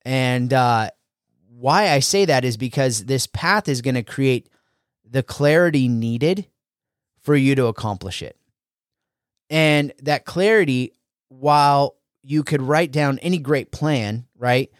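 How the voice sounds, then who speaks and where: A man's voice: medium pitch, takes it slowly, clean tone, dry recording. Male podcast host, earnest motivational talker, mid-range voice, dry recording. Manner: earnest, with frequent fillers and restarts. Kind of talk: motivational solo talk.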